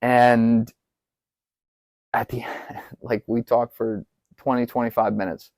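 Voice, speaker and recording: A man telling a story in casual podcast chat, animated and profane, acting out other people's lines with rising pitch. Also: slow pace, no echo. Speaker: podcast guest.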